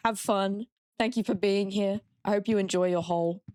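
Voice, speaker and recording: Young Australian woman, game streamer, mid pitch, dry close sound, chatty and blunt. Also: fairly even intonation, normal speed, darkish tone, smooth, no echo. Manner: chatty, reading out chat, frank with swearing. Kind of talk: casual gameplay commentary.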